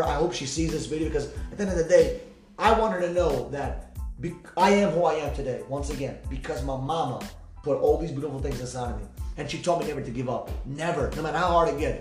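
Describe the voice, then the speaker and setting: Man, emotional podcast monologue, rapid heartfelt delivery, slightly high voice, echoey room with faint music behind. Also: a little mellow. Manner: fast, heartfelt, repetitive, swearing freely. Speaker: podcast host.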